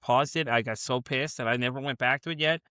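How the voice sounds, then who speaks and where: A man hosting a podcast, telling stories in a casual, animated way, acting out quotes and swearing freely. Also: medium pitch, fairly quick, clear, resonant tone, dry recording, studio quality. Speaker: podcast host.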